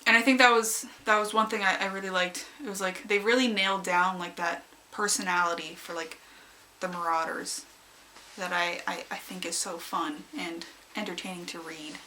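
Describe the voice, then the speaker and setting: An excitable young fanfic reviewer talks at a normal speed about a story she loved, rambling and giggling and jumping into high squeals when acting out her responses. A little hiss or hum is audible.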